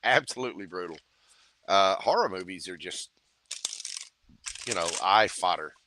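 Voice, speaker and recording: A man's voice: low-pitched, expressive, moderate pace, pushed and bright, a little hiss or hum. A man reading tarot on a livestream, joking and chatty in a playful mood. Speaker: tarot reader.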